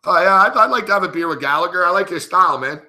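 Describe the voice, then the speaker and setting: A brash middle-aged man tells a sports story to his live chat, swearing freely and laughing between lines. His voice is very bright and cutting and sits a bit high for a man. He talks in loose, casual bursts, like a host riffing. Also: quick pace. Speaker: sports betting show host.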